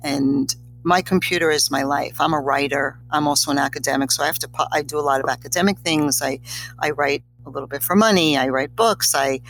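A woman's voice: low-pitched, lively intonation, brisk, creaky, a bit bright, slight background noise, low-quality recording. A middle-aged woman, a guest on an interview show, telling a personal story in a reflective, slightly teary way. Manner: emotional, reflective, a little teary.

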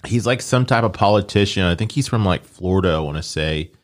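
A man's voice: low-pitched, animated, brisk. A man co-hosting a casual podcast chat, rambling with lots of fillers. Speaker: podcast co-host.

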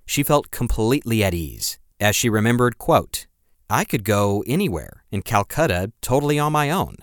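Male podcast narrator with a lowish voice, dry studio sound, reads quotes with weight. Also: dry recording. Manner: reads quotes aloud with dramatic emphasis. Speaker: history podcast host. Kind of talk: scripted narration.

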